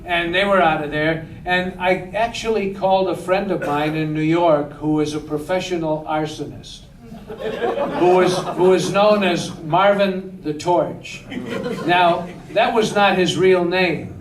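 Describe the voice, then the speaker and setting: Man slowly spinning a story at a theater q&a, higher voice, echoey hall from far off. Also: a little hiss or hum. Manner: animated anecdotal, laughing often. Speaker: film director guest.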